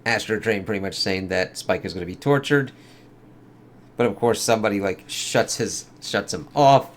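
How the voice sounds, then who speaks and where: A man with a lowish voice talks through a comic book review in a loose, casual way. He swears freely and uses plenty of fillers. Faint noise sits underneath. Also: moderate pace. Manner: loose and profane, lots of fillers.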